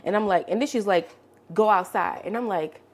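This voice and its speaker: A woman's voice: medium pitch, fast, a little mellow. A woman in her late twenties, vlogging and telling an emotional personal story, with many "like" fillers. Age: 20s. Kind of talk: storytime while cleaning.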